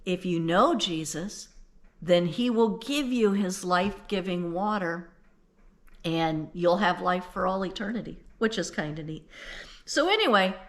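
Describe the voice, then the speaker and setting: A woman's voice: lowish voice, lively intonation, a little slow. Folksy older woman telling Bible stories. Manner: folksy, conversational, earnest. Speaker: Bible teacher. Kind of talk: casual Bible storytelling.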